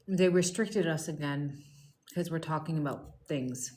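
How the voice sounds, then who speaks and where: A woman's voice: deep voice, unhurried. A woman hosting a casual wellness livestream from her home kitchen. She chats with viewers and calls them "my love". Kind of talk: casual live chat with viewers. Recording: echoey room with loud background noise.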